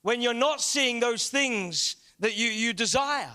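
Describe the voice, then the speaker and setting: Pastor guy preaching in a big church hall, high pitched, slow, gets shouty, echo hangs around. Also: lively intonation, smooth. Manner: impassioned preaching with rising shouts. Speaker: guest pastor. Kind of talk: sermon.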